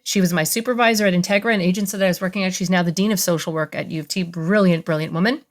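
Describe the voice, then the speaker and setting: A middle-aged woman, a therapist, telling stories as a guest in an interview in a lively, expressive way. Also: on the low side, rapid-fire. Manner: animated, expressive storyteller. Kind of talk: interview storytelling.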